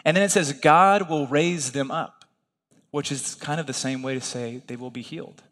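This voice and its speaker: A man preaching a sermon as pastor in a relaxed, conversational, folksy way, often checking in with his listeners. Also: fairly high pitch, normal speed, in a large hall.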